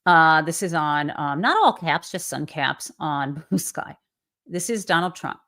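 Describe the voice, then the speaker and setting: A woman's voice: low-pitched, animated, a little slow, fairly bright tone. A woman hosting a live commentary show, talking with emphatic indignation and frequent fillers. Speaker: host.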